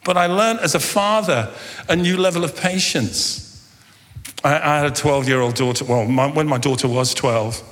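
Joking preacher in a reverberant hall. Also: male voice, a little high, normal speed. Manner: animated, jokey, acts out dialogue. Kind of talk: humorous sermon storytelling.

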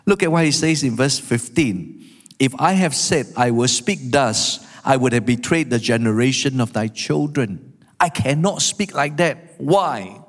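A man preaching a sermon, animated, acting out the quotes he tells. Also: a little high. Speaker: pastor. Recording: long hall reverb.

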